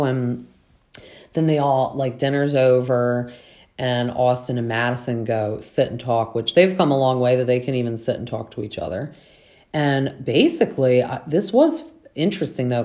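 A woman's voice: extremely low pitch, normal speed, a little mellow. A young woman hosting a casual recap show, chatting with lots of fillers and acting out what the cast said. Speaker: podcast host recapping reality TV.

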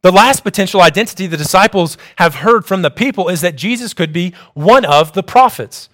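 High-voiced young man preaching. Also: animated, brisk, fairly bright tone. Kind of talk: sermon reading.

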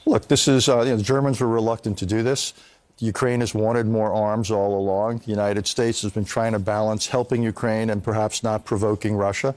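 An older man, a foreign policy expert, answering news interview questions in a calm, measured, hedging way. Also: on the low side.

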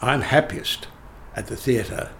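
With a mid-range, slightly bright voice edged by vocal fry, an older theatre director talks slowly through emphatic interview anecdotes, often beginning sentences again. A little hiss or hum sits under the recording.

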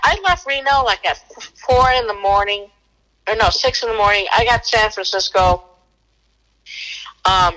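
A woman's voice: medium pitch, rough recording. A woman working as a fugitive recovery agent, telling a story casually and animatedly and acting out the dialogue. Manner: animated, acts out dialogue in quick bursts.

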